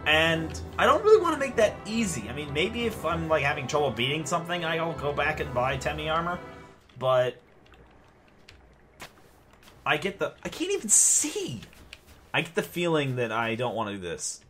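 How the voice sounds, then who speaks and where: A man's voice: a little high, big pitch swings, normal speed, fairly bright tone, faint music behind. A young man giving casual, self-deprecating commentary while playing a video game and reading its text aloud. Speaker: let's play host.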